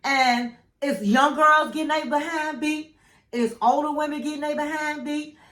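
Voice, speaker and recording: A woman's voice: high-pitched, fairly even intonation, moderate pace, fairly bright tone. A middle-aged woman recapping a reality show in casual chat, telling the story with sassy asides and acted-out quotes. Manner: emphatic "okay?" and "honey" asides. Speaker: recap channel host. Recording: echoey room.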